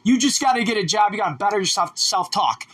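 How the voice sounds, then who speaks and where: A man's voice: sits high, animated, fast, a bit bright. A young man vlogging, talking in a rambling, profane and agitated late-night rant, a bit distant from the mic. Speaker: YouTube vlogger.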